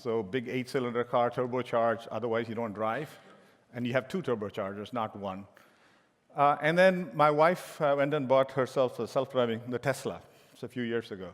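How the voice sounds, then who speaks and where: A man's voice: medium pitch, moderate pace. A middle-aged man giving a conference keynote as a tech executive, telling joking anecdotes with frequent restarts. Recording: long hall reverb.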